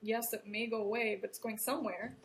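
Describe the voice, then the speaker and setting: A woman's voice: a little high, fairly even intonation, brisk, slight background noise, poor audio. Thoughtful woman interviewee. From Wisconsin. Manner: thoughtful, explaining plainly. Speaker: interview guest, horticulture educator.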